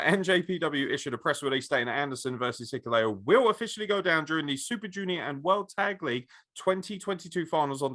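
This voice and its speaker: A man's voice: mid-range voice, a bit bright. A man co-hosting a casual podcast, talking in a blunt, profane and opinionated way. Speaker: podcast co-host.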